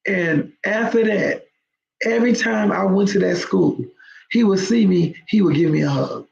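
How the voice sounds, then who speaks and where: Host: woman with a gravelly edge, emphatic storyteller, roomy dull lo-fi recording. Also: medium pitch, moderate pace, darkish tone. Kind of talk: storytelling talk to viewers.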